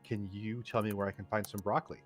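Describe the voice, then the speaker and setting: A man's voice: on the low side, little pitch movement, fast, soft background music, lightly acted. A man voicing a persistent woman shopper in a told joke. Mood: insistent. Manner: politely insistent.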